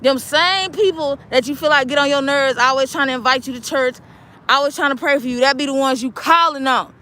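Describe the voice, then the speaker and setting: A woman vlogging outdoors on a city street while waiting for a bus, telling a story in an animated, emphatic, colloquial way. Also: sits high, brisk, rough recording. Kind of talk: casual storytelling vlog.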